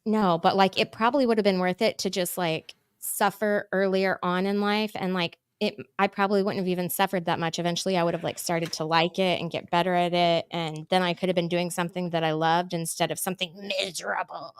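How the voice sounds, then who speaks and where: A woman's voice: lowish voice, level tone, a little fast, few pauses, clear, resonant tone. A woman hosting a livestream, chatting casually and rambling with lots of "like". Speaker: YouTube livestream host. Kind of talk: casual chat.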